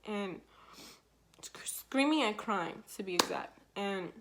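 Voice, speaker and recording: A woman's voice: mid-range voice, animated, slow pace, heavy background noise. Emotional woman telling a storytime vlog. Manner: casual, slangy storytelling full of "like" fillers; emotional, tearful retelling. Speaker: vlogger.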